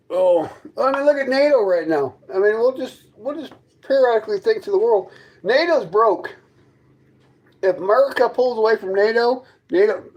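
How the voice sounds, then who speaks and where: A man's voice: high-pitched, darkish tone, muffled recording. A man hosting a casual livestream from his trailer, mocking and arguing with his chat in a sarcastic, combative way. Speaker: livestream host chatting with viewers. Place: inside his fifth-wheel trailer.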